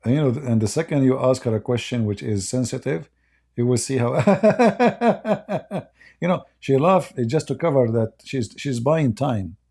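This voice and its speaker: A man's voice: mid-range voice, moderate pace, vocal fry, warm tone, slightly rough. A man whose first language is Arabic, speaking in a rambling, joking and mocking way with broken English. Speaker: online commentator. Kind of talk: casual joking monologue.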